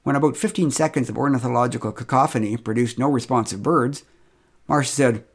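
A man's voice: mid-range voice, a little fast, breathy edge. A middle-aged man telling a humorous first-person story with wry, dry humor.

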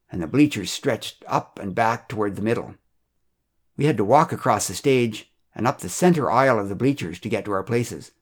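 A man narrating a first-person story from a script in a steady, measured, plainly spoken way. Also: on the low side.

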